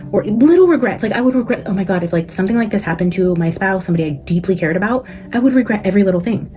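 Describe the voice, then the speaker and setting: A woman's voice: mid-range voice, lively intonation, racing, hardly any pauses, mellow, soft background music. Profane, ranting woman vlogger. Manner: profane, exasperated venting, frequent "like" and "guys". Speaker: psychic vlogger, channel host. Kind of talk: casual ranting commentary to viewers.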